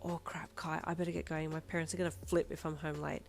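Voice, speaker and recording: A woman's voice: low-pitched, level tone, fast talker, creaky. A woman doing a playful, teasing teen girl. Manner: bright, eager, teasing. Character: upbeat playful teen girlfriend, teasing and affectionate. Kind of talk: fan fiction audiobook reading.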